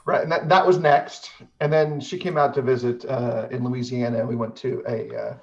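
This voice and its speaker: A middle-aged man hosting a casual chat, speaking in a measured way with frequent hesitations. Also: mid-range voice, fairly even intonation, gravelly, a little mellow. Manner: measured, many "uh" fillers. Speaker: host. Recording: dull lo-fi audio.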